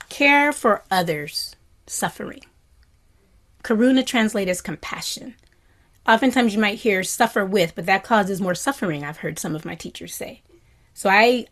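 Woman, meditation teacher, gentle reflective dharma talk, soft near-whispers, mid-pitched voice. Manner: animated when voicing happy quotes.

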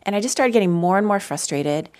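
A woman telling personal stories in a gentle, conversational way as she leads a live mindfulness talk for an audience. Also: mid-range voice, lively intonation, quick pace. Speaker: mindfulness teacher. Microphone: handheld mic.

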